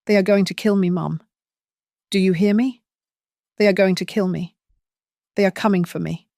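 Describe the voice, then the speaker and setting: A woman's voice: mid-range voice, fairly even intonation, normal speed, gravelly, dark tone, no room sound, studio quality, natural voice. A woman voicing a panicked grown son who pleads through sobs. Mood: desperate. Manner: sobbing pleas.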